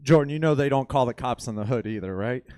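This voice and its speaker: A man's voice: medium pitch, fast, darkish tone. Rambling self-deprecating male comedian. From Indiana. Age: 30s. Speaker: stand-up comedian. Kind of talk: stand-up storytelling. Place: comedy club stage.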